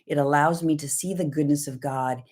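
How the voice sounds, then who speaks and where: A woman's voice: low-pitched, steady tone, a little fast, a little mellow. A middle-aged woman from Southern California co-hosting a livestreamed devotional talk, telling personal stories in a reflective way. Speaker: co-host.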